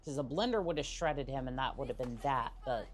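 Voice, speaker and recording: A woman streamer chatting to her viewers in a jokey, relaxed way as she plays through a game. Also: rumbling low, a little fast, over music. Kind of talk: casual gameplay commentary.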